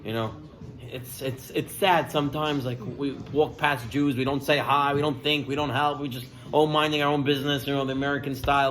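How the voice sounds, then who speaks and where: A man giving a sermon as a rabbi, telling stories with lively delivery and acting out the people in them. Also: mid-range voice, fairly quick, low-quality recording. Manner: animated storyteller, acts out characters' lines. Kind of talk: sermon with storytelling.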